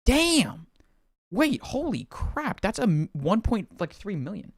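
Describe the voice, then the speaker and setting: Young guy on a livestream, aussie accent w a filipino lilt, kinda high voice, rambly and chatty, dry close sound. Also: sing-song, takes it slowly, dry recording. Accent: Australian with a Filipino lilt. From Philippines. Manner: rambling, chatty, answers chat questions aloud. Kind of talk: casual livestream chat.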